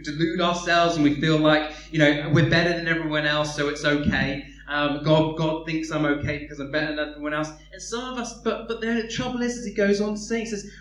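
High-voiced man preaching in an echoey room. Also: steady tone, a little fast, hardly any pauses, fairly bright tone. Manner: earnest, repeats words while searching for phrasing. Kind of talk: sermon. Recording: echoey room, distant mic, faint hum.

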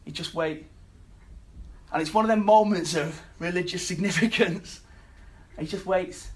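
A man preaching a sermon, telling a scripture story earnestly and dropping to quiet emphasis. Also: high-pitched, moderate pace, slightly rough.

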